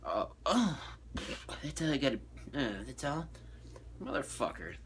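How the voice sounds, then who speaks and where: A man's voice: medium pitch, very animated, measured pace, slight background noise. A young man ranting casually and profanely about his day, exasperated and blunt. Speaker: vlogger. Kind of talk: casual rant.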